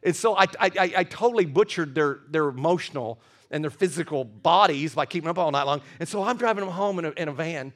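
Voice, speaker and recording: High-voiced animated preacher man. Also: fast. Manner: animated, stammering repeats, laughs often. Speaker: pastor. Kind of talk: sermon.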